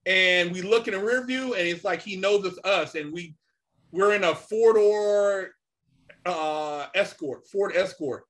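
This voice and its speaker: A middle-aged man telling a story casually and animatedly, swearing often and filling pauses with "you know" and "man". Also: high voice. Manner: animated, swears a lot, many fillers. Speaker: podcast guest.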